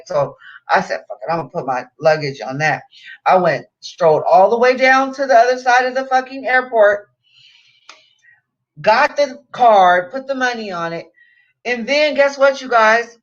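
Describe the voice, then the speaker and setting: A woman vlogger telling a story in a casual rant, heavy on swearing, acting out what people said. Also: medium pitch. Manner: profane, animated storytelling with acted-out quotes. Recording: dull lo-fi sound.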